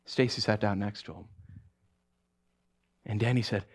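A man preaching by telling a story, speaking softly and haltingly with frequent restarts. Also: fairly low pitch. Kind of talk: sermon storytelling.

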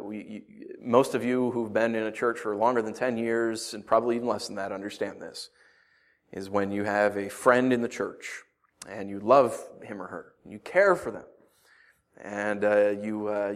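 Animated man preaching a sermon. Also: medium pitch, normal speed. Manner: animated, swings from loud outbursts to quiet asides. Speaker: pastor.

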